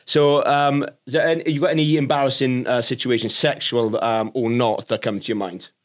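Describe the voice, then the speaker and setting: A man's voice: mid-range voice, steady tone. A man hosting a podcast, asking questions with many fillers and restarts. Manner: halting, lots of fillers and restarts. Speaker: podcast host. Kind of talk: casual chat.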